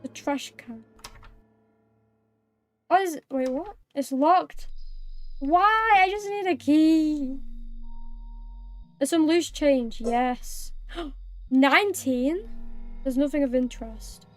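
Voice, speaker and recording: A woman's voice: high voice, slow pace, pauses often, a little mellow, soft background music. A woman live-streaming a game, chatting playfully with viewers, thanking them and meowing like a cat. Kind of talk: live-streamed gameplay chat.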